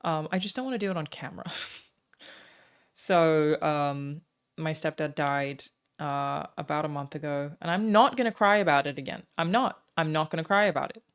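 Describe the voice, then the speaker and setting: Her voice sits low and sounds clean as this Australian streamer chats casually with her audience. Between stretches of talk she thanks viewers by name, with "um" pauses coming often.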